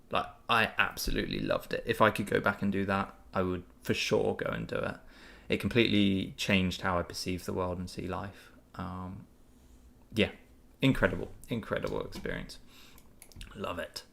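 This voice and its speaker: A man chats loosely through a live question-and-answer session, upbeat and easygoing. His voice sits fairly low with a gravelly edge, and he rambles, pausing on fillers and restarting sentences. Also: a bit bright. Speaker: channel host answering viewer questions. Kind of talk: casual live Q&A chat.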